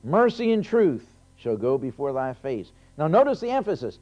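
A man with a slightly high, sing-song voice and a dark tone delivers a sermon at a brisk clip, reading scripture aloud and leaning hard on key phrases. He speaks emphatically, rising on the important words, and restarts often. The recording is lo-fi and dull.

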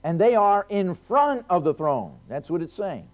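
A man's voice: high-pitched, big pitch swings, measured pace. A man preaching a sermon, reading scripture aloud and stressing key phrases, with frequent restarts. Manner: emphatic, rising on key phrases, with many restarts. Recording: lo-fi dull recording.

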